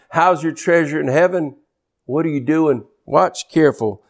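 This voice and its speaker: A man's voice: fairly high pitch, normal speed, vocal fry. A man preaching a sermon, quoting scripture and calling out to his listeners to stay with him. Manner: exhorting, scripture-quoting, calls out to congregation.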